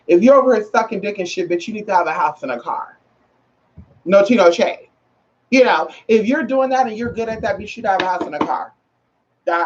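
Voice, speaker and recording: A woman vlogger in casual chat to camera, sassy and slangy, calling listeners girl and honey and repeating phrases for emphasis. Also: fairly low pitch. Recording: muffled lo-fi recording.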